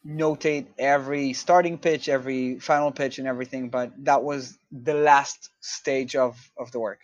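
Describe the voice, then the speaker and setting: A man's voice: mid-range voice, steady tone, moderate pace, no echo, dull audio. A man from Israel, a composer guest in a casual interview, explaining his work thoughtfully with many fillers and restarts.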